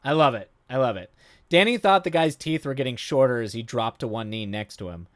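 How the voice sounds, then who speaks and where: A man streaming live, reading a story aloud and breaking off into excited, rambling commentary. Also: medium pitch, brisk, no room sound, clean studio sound. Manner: enthusiastic, rambling commentary with many fillers and restarts.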